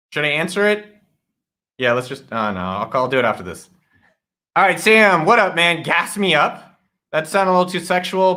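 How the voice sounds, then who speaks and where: A livestream host with a high, bright, forceful voice runs a relaxed office-hours stream from his guest-room home studio. He greets viewers by name with plenty of energy and jokes around.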